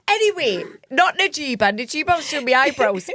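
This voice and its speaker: A woman's voice: sits high, sing-song, a little fast, a bit bright, dry recording, clean studio sound. A middle-aged woman co-hosting a podcast, telling gossipy stories in a playful, casual way with frequent laughs. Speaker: podcast co-host. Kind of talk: casual chat.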